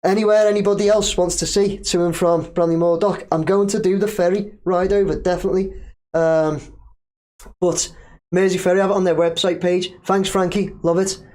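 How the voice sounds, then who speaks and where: A man's voice: high-pitched, flat delivery, normal speed, a little mellow. Guy doing a live chat stream, laid back, reads out comments, laughs a lot. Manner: chatty, reads viewer comments aloud and laughs easily. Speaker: livestream host.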